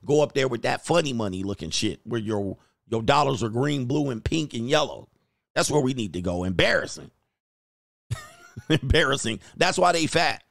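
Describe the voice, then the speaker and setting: A man's voice: medium pitch, lively intonation, normal speed, creaky, a bit bright, no echo, clean studio sound. A man hosting a livestream, riffing and ranting in slangy casual reaction commentary and laughing often. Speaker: livestream host.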